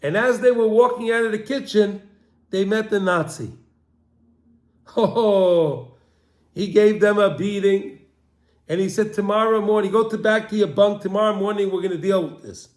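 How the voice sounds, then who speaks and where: A man tells a long religious teaching story, circling back over his own phrases and restarting as he goes. His voice is pitched high for a man. The room around him rings with a noticeable echo. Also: moderate pace, a little mellow. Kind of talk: storytelling lesson. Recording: roomy echo.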